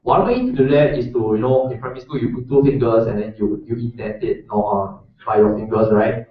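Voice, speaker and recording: A man's voice: medium pitch, fairly quick. A man teaching a coding workshop in a lecture room, with a casual, chatty manner that keeps checking in with the audience. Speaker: workshop instructor. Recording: roomy echo, distant mic, dull lo-fi sound.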